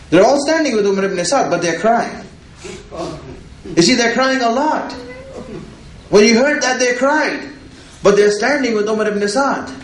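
A man's voice: very high-pitched, expressive, unhurried, pauses often. A man preaching a religious sermon, repeating himself and asking "right?" as he goes. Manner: repetitive, rhetorical, often asks "right?". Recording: echoey room.

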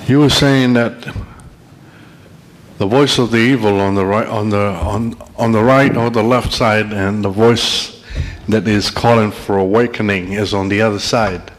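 A man moderating a question session after a lecture, speaking in a measured, reflective way. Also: fairly low pitch, steady tone.

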